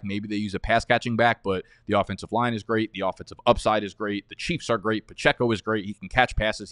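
A man's voice: on the low side, no room sound, studio quality. A man giving fantasy football rankings in a casual, blunt way, rattling off stats and sometimes stammering. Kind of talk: casual opinionated rankings rundown.

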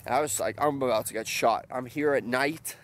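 A man's voice: mid-range voice, fairly quick, a crowd in the background. Rambling young man vlogging outdoors. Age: 20s. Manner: rambling, joking storyteller. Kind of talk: casual vlog chat. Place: outdoors in a quiet open field.

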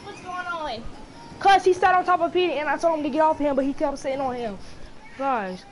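A woman's voice: high-pitched, quick pace, a little hiss or hum. A young woman talking casually, exasperated and scolding in heavy slang.

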